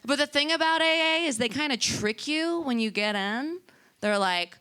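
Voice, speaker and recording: A woman doing a stand-up routine with a deadpan, drawn-out delivery. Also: high voice, clean tone. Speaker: stand-up comedian.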